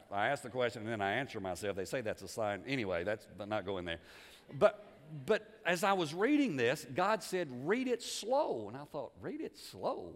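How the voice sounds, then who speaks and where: A man preaching a sermon in a folksy, animated way, often repeating words and restarting phrases, swinging between loud emphasis and quiet asides. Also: medium pitch, in a large hall. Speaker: pastor. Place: church sanctuary.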